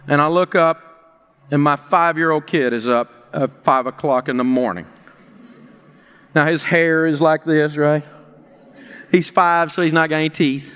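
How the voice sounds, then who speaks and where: A man's voice: fairly high pitch, steady tone, a little slow, long pauses, a bit bright, clean tone. A middle-aged male pastor giving a sermon, telling a personal story that builds into emphatic preaching. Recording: long reverb of a large hall.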